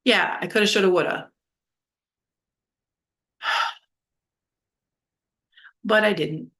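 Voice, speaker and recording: A woman's voice: mid-range voice, slow, a bit bright. A woman from New Orleans telling a candid personal story, rambling with lots of "like" and blunt swearing. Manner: rambling, heavy use of "like", blunt and profane. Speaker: vlogger.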